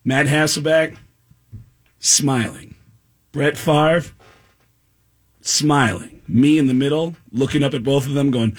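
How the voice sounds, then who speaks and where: A man, a comedian, telling a comic story on a radio show and acting out other people's voices with gasps and shouts. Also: fairly high pitch, a little slow, pauses often, breathy edge. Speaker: stand-up comedian guest.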